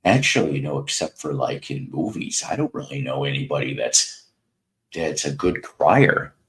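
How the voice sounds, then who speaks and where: A man's voice: a bass voice, lively intonation, moderate pace, a bit bright. A man in his fifties with a Mid-South American accent, hosting a casual livestream, rambling and sardonic, greeting chat viewers by name. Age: 50s. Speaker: livestream host.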